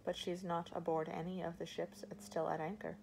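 A woman reading the part of a calm, formal older male harbor master in an audiobook. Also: on the low side, vocal fry, a little hiss or hum, poor audio. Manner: measured and formal, addressing a lord.

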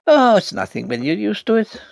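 A man's voice: sits high, big pitch swings, vocal fry, no echo, clean studio sound, voice pushed up, exaggerated voice. A man doing a sing-song Irish horse-dealing landlord. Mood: coaxing. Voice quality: slow sing-song brogue. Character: easygoing Irish country landlord, male horse dealer.

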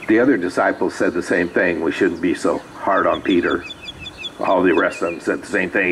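Man, pastor, very low pitch, conversational sermon, faint background noise. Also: steady tone, moderate pace. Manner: conversational storytelling with asides. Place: small rural church.

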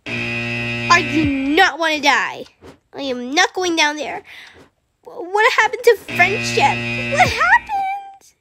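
A woman voicing Fluttershy, a timid gentle young female pony, talking through a video game and gasping at every fright. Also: extremely high pitch, wildly swooping pitch, slow pace, over music, heavily acted. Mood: nervous. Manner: easily frightened, gasps and soft exclamations. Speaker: gamer. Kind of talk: playing a video game in character. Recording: constant background noise.

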